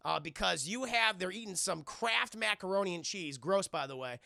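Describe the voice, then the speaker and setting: A young man recapping a film scene by scene for a live chat, swearing freely and chatty throughout. His voice is high for a man and heavily gravelly, and it sits close and dry. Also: animated, moderate pace, pushed and bright, no echo. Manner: rambling, crude, chatty. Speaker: streamer and film reviewer. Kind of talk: casual profane scene-by-scene recap.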